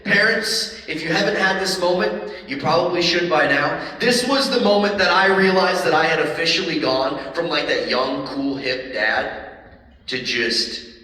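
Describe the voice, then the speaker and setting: A man who is a motivational speaker, telling a story to a live audience in an animated way and acting out the voices. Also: a little high, normal speed. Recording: echoey hall from a distant mic.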